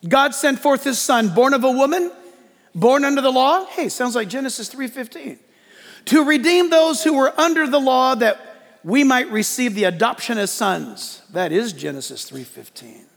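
A male pastor preaching a lively sermon in church, joking and acting out quotes as he goes. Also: very high-pitched, normal speed, creaky, long reverb tail. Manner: animated preaching with jokes and acted-out quotes.

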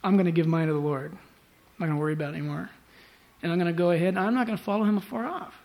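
A pastor preaching a sermon to a church congregation, emphatic and swinging between loud urging and hushed tones. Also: male voice, sits high, rapid-fire. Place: church service before a congregation.

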